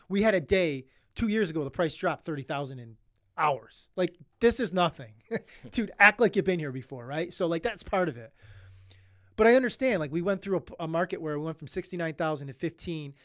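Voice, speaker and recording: A man's voice: a little high, a bit bright, dry recording, studio quality. A young man co-hosting a podcast, talking in an earnest, rambling way with many restarts, emotional about his topic. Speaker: podcast co-host. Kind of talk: casual podcast chat.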